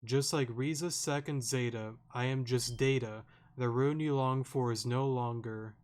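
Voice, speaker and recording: A man reading aloud the lines of a remorseful young woman detective in a game, slow and earnest. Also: mid-range voice, steady tone, a little mellow, natural voice. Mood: solemn.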